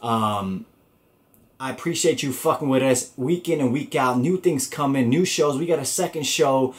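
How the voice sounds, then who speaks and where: A man's voice: medium pitch, normal speed. A young man hosting a podcast, telling a rambling, profane story in casual chat. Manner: rambling, profane, laid-back. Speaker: podcast host.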